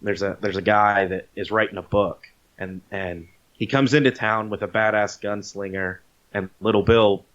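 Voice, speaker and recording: A man on a podcast casually retelling a movie scene, animated, swearing freely and acting out the lines. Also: on the low side, normal speed. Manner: animated storyteller, swears freely, acts out quotes. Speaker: podcast co-host. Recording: dull lo-fi podcast audio.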